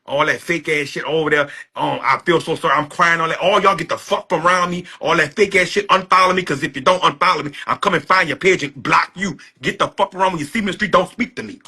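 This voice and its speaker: Husky-voiced man in a heated rant. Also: a little high, fast talker, few pauses, pushed and bright. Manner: repetitive, blunt, profane. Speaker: social media personality.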